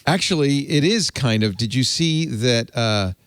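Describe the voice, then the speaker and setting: A man's voice: medium pitch, measured pace, smooth, dry recording, studio quality. A man in his sixties from the United States hosting a tech podcast, chatting and telling stories. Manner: chatty, storytelling, animated. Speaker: host. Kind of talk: tech podcast panel chat.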